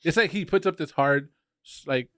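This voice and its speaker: A man's voice: a little high, normal speed, fairly bright tone, no echo, clean studio sound. A man co-hosting a podcast, teasing a friend in casual, filler-heavy banter. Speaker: podcast co-host.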